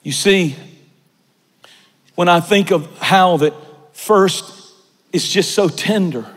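A man with a high voice preaches a slow, deliberate sermon that swings from a hush to a shout. His words ring out with a long reverb in a large church sanctuary. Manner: dramatic swings from soft hush to shouted emphasis.

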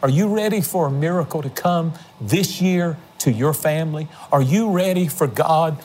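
A man's voice: on the high side, moderate pace, darkish tone, a little hiss or hum. A man hosting a religious television program, making an earnest, emotional fundraising appeal to viewers. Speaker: television ministry host. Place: on location.

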